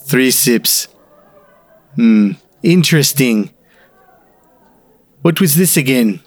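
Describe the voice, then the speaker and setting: A man voicing Angus, a gruff Scottish whisky judge, with a put-on Scottish accent. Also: mid-range voice, animated, takes it slowly, dry recording. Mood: mock-serious. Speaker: co-host.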